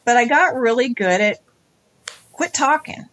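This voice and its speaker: A woman in her forties, an interview guest, telling her story in animated conversation and acting out the lines of others. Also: fairly high pitch, unhurried.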